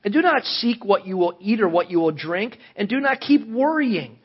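A man's voice: high voice, very animated, normal speed, breathy edge. A male pastor giving a sermon. He reads long scripture passages and asks the congregation earnest questions, with emphatic rises in his voice. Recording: dull lo-fi audio.

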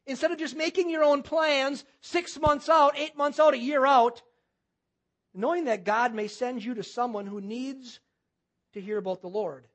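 High-voiced male pastor preaching. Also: a little fast, fairly bright tone. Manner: preaching with rhetorical questions and repetition. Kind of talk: sermon.

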